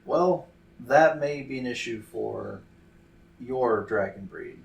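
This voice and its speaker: A man's voice: mid-range voice, takes it slowly, creaky, roomy sound. A man playing a tabletop game, talking in a hesitant way. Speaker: player.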